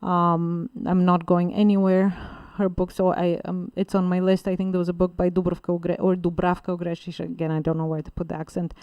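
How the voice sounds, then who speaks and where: Chatty Bulgarian woman, smooth dry voice. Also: lowish voice, level tone, fairly quick, hardly any pauses, no room sound, lo-fi sound. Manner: rambling, many fillers and restarts. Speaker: guest writer and literary translator. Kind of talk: casual interview talk.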